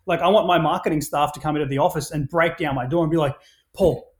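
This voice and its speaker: An energetic man tells stories in a relaxed podcast chat. His voice sits a little high, and he swears freely and trips over restarts as the ideas pour out. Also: rapid-fire.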